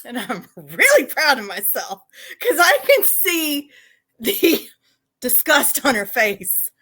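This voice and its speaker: A middle-aged woman with a Southern accent telling a family story on a casual podcast, laughing as she goes and shouting when she acts out scenes. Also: high-pitched, huge pitch swings, takes it slowly. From Arkansas. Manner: laughs through her own stories, shouts when acting out scenes. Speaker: podcast co-host.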